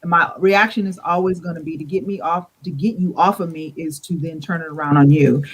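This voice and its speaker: A woman guests on a podcast over an online call, chatting casually in a low, slightly rough voice at a brisk clip. She's expressive, acting out quotes and laughing as she goes.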